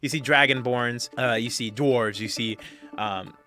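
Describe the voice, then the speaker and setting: A man running a tabletop game, describing the scene in a bright, forceful voice. He rambles and fills gaps with "um" and "uh", with soft music under him. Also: mid-range voice, measured pace. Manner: rambling, lots of fillers, laughs often. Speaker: game master.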